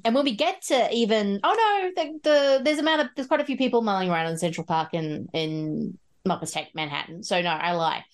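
A woman's voice: medium pitch, lively intonation, brisk, few pauses. A woman hosting a podcast over a video call, chatting casually and laughing often. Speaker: podcast host. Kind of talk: casual chat.

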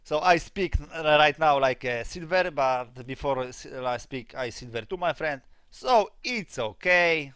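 A young man with a Polish accent, a streamer chatting casually in broken English, forever tagging his lines with "my friend" and swinging between mumbled asides and loud outbursts. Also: on the high side, animated, measured pace, few pauses, no room sound, soft background music.

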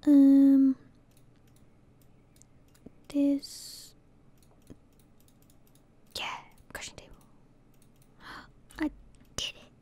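A woman's voice: high voice, monotone, drawn-out words, long pauses, dark tone. A woman from Scotland commentating her gameplay casually, muttering to herself and often dropping to a whisper. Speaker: gaming channel host.

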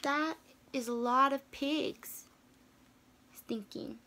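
A woman reading a picture book aloud to children, gently explaining the pictures as she goes. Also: sits high, takes it slowly, slight background noise. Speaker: storybook reader. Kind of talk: children's read-aloud narration.

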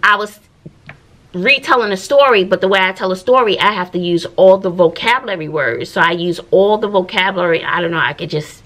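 A woman teacher with a Southern US accent, chatting in a casual vlog from her classroom, animated, with folksy asides. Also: mid-range voice, fairly quick. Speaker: teacher and vlogger. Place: classroom at school.

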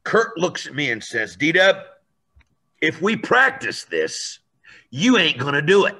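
A man telling a story in a lively, animated way, acting out voices and raising his voice for effect. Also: on the high side, measured pace, gravelly, husky.

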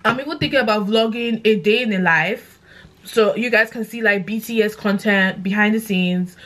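A young woman with a London accent, chatting excitedly to camera in a casual vlog, gushing and animated. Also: mid-range voice, moderate pace. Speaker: content creator.

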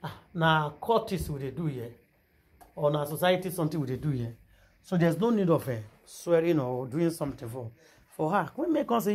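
In her casual vlog, a gossip vlogger with a Nigerian accent tells a juicy story with lively exclamations, switching between Pidgin and English. Her deep voice moves fairly quickly and carries a breathy edge.

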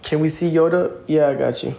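A man livestreams from a room at home, casually chatting while repeatedly pleading with his viewers and thanking them by name. His voice sits fairly high and is gravelly with a dark tone, delivered quickly in a fairly even intonation. The sound is roomy.

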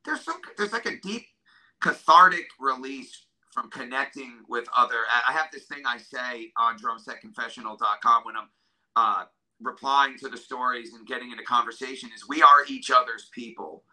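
Earnest, bright-voiced man opening up. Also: medium pitch, poor audio. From New York State, USA. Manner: earnest, halting, emotional. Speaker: drummer and guest. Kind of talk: emotional interview talk.

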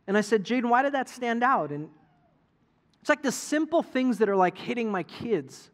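A middle-aged male pastor preaching a sermon in a conversational, animated storytelling way, acting out quotes from people. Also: very high voice, fast.

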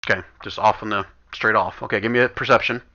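A man's voice: lowish voice, fairly even intonation, fast, bright, forceful tone. A man running a tabletop game as game master, talking casually and thinking aloud as he moves pieces on the map. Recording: dull lo-fi voice chat audio.

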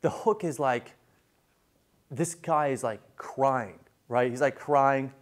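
A man's voice: medium pitch, slow. Man giving a chatty lecture. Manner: animated, lots of fillers and restarts. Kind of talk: casual classroom lecture.

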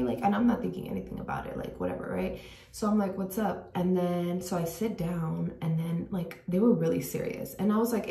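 Young woman rambling thru a story w lots of likes, lowish voice, kinda far from the mic in an echoey bathroom. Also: a little mellow. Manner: chatty, many "like" fillers, drops to a whisper at times. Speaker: vlogger. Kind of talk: casual storytelling. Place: bathroom at home. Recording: echoey room, voice a bit off-mic.

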